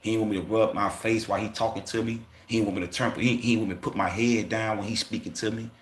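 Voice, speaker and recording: Casual livestream host, male, low register, profane street slang, echoey room. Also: steady tone, quick pace. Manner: loose, profane street talk with quoted asides.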